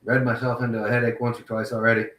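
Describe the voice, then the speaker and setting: A man with a bright edge to his voice, trading wry, self-deprecating jokes in casual talk. He sits a little back from the mic, and the room echoes around him. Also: medium pitch, little pitch movement, quick pace, distant mic. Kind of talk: casual interview chat.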